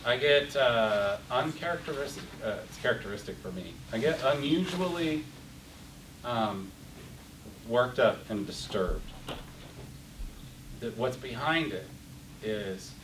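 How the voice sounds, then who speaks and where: A man's voice: medium pitch, lively intonation, takes it slowly, pauses often. A middle-aged man teaching an interactive Bible class, passionate, getting worked up and repeating words. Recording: roomy, distant, faint hiss.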